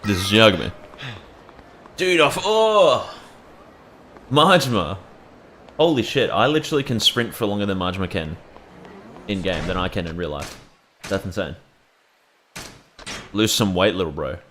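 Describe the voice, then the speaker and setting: A man's voice: low voice, brisk, a bit bright, slight background noise. Joking, foul-mouthed young male gamer. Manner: joking, profane, rambling. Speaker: gameplay commentator. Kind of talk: casual let's-play commentary.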